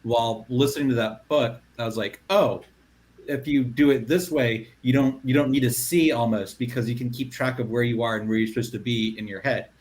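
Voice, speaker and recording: A man's voice: medium pitch, fairly even intonation, brisk, darkish tone. Reflective man on a podcast panel. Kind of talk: casual panel chat.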